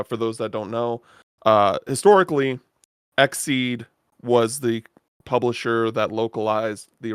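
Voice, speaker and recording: A man co-hosting a video game podcast, talking in a relaxed, hesitant way with many "uh"s and "um"s. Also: medium pitch, clear, resonant tone, no room sound, clean studio sound. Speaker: podcast co-host. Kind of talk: casual chat.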